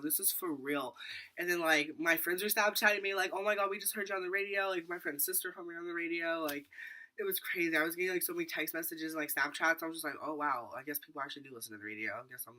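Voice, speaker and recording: Bright-voiced teenage boy rambling a story. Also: fairly high pitch. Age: teens. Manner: rambling, filler-heavy, animated retelling. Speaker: vlogger. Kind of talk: storytime vlog.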